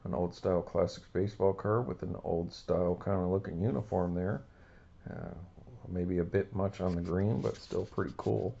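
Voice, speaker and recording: A man's voice: sits low, vocal fry, mellow, highs cut off. A man hosting a casual card-opening video, talking in a rambling, laid-back way. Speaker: card-collecting channel host.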